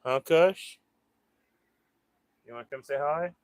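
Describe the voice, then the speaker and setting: Slow rambling man chatting on a livestream. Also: a little high, smooth, no echo. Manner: rambling, chats with viewers and coos at pets. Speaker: livestream host. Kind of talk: casual livestream chat.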